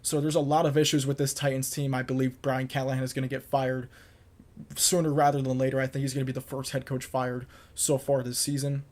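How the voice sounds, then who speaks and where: Flat-toned man giving football picks. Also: medium pitch, brisk. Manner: confident, emphatic, repeats points for emphasis. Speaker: podcast host. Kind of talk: solo sports picks monologue.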